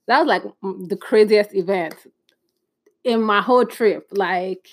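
Her mid-range voice moving at a measured pace, a young Nigerian woman podcast host chats through casual stories. She's animated, acting out quoted voices, and the recording is dry and close.

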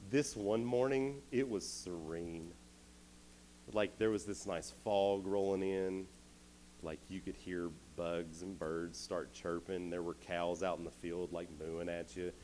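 A young adult man, giving a casual, animated storytelling sermon to teenagers. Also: low-pitched, slow pace, a little hiss or hum. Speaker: youth speaker.

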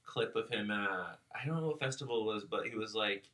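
A man in his twenties hosts a loose podcast chat, a little congested, laughing and cursing as he goes. His voice sits somewhat low but has a bright, forward edge. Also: fairly quick, slight background noise. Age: 20s. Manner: laughing, swearing, animated chat. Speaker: podcast host.

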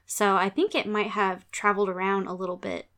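A woman's voice: mid-range voice, level tone, a little fast, a bit bright. A woman with a Texas accent, co-hosting a casual chat podcast, joking and laughing easily between stories. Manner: laughs often, jokey asides. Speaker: podcast co-host.

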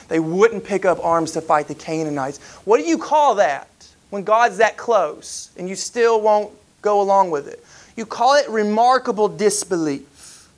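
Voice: mid-range voice, animated, unhurried. Casual, conversational preacher. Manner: casual and informal, with frequent "you know" and "like" and repeated words; retells scripture in plain modern paraphrase. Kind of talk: conversational sermon.

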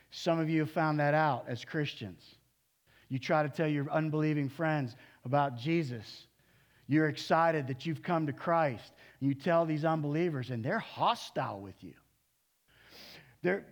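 A male pastor in his sixties preaching a sermon in a conversational way, with sudden loud, animated bursts. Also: a little high.

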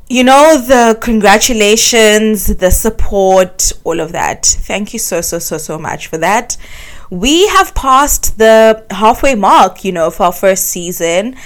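A woman's voice: medium pitch, animated, takes it slowly, clear, resonant tone. A young woman from South Africa, hosting her own podcast from her bed in a candid, confessional chat. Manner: candid and confessional, many fillers like um and like. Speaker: podcast host. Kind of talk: casual solo podcast chat. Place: her bedroom, recording from bed.

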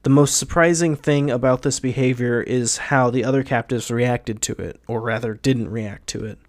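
A man's voice: medium pitch, steady tone, moderate pace. A young man hosting a podcast, bantering with casual profanity and reading a creepypasta aloud. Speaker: podcast host.

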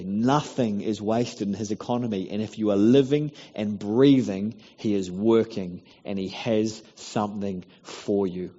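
A man preaching a sermon in a church, earnest and pleading, building to loud encouragement. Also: fairly low pitch, fairly even intonation, measured pace. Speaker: pastor. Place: church hall. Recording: dull recording in a reverberant hall.

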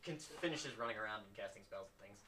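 Lively man running a tabletop game. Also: lowish voice, quick pace. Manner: rambling, laughing narration. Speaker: game master. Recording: roomy, distant home mic with faint noise.

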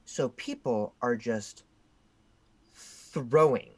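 A young man co-hosting a casual podcast chat tells a long story in an animated way, his voice leaping high and loud whenever he acts out what others shouted. He speaks very slowly with a breathy edge.

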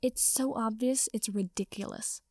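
A woman voicing an indignant, haughty young male wizard who rants and accuses, with a gravelly edge in her voice. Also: a little high, normal speed, dark tone, dry recording. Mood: ranting. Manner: ranting, accusing, melodramatic.

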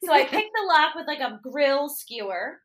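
A woman in her thirties telling a family anecdote in casual chat, animated, acting out the quotes loudly and laughing often. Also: sits high, moderate pace.

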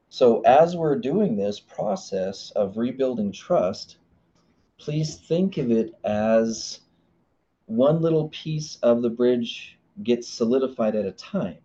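A man leading a live marriage workshop, animated and playful, acting out the voices he quotes. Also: medium pitch, muffled recording.

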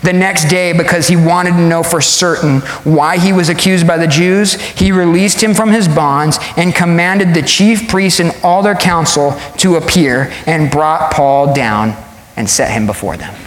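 Man, pastor, animated sermon, high voice, long reverb. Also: measured pace. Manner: animated storytelling, acts out quoted voices. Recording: echoey hall.

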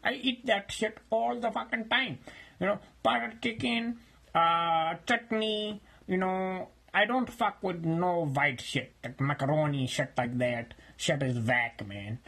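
Guy doing a bossy mocking roommate dude, gravelly husky voice, broken grammar, phone mic. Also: high-pitched, unhurried, bright, forceful tone, full character voice. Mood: boastful. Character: brash male roommate, pushy and mocking. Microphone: phone in hand.

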